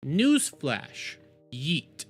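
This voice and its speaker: Woman streamer, lively swooping pitch, exasperated rant, repeats herself; soft music under. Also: very slow, slightly rough. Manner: exasperated ranting with repeated words. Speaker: streamer reacting to posts. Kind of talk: livestream reaction commentary.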